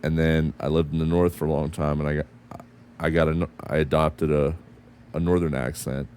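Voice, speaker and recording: A man's voice: a bass voice, little pitch movement, moderate pace, darkish tone, slight background noise. A man streaming a space game, talking to himself and his chat in a mixed American accent that is neither northern nor southern, muttering and swearing as he flies. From United States. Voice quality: gravelly. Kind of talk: casual gameplay commentary.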